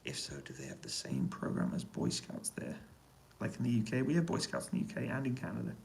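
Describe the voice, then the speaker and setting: A British man in a hotel room, answering viewers' questions on a casual, relaxed live stream and keeping his voice down so he doesn't wake anyone. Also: mid-range voice, fast, vocal fry, a little hiss or hum, poor audio. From United Kingdom. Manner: relaxed, quiet voice to avoid waking neighbours. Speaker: livestream host answering chat questions. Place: hotel room on an army base.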